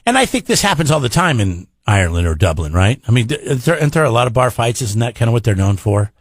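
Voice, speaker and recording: A man's voice: mid-range voice, sing-song, fast talker, no room sound. A man hosting a radio show, giving blunt opinions in casual banter. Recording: dry radio studio.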